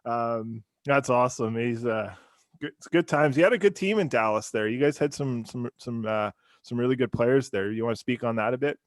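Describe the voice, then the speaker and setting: A man's voice: medium pitch, normal speed, no echo. A man hosting a podcast, prompting his guest with easygoing questions. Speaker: podcast host. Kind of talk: casual interview questions.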